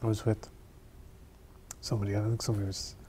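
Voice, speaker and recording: A man, an actor as interview guest, telling stories in a halting, thoughtful way and often circling back on his words. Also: lowish voice, little pitch movement, dark tone, breathy edge. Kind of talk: Q&A interview, reflective storytelling.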